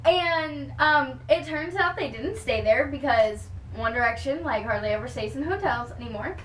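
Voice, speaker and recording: Female vlogger from Texas, high and gushy, filler-heavy storytelling, recorded at a distance in an echoey room. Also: normal speed, a little hiss or hum. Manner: gushing, excited fan storytelling with many "like" and "um" fillers. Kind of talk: casual storytime vlog. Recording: roomy sound with the mic at a distance.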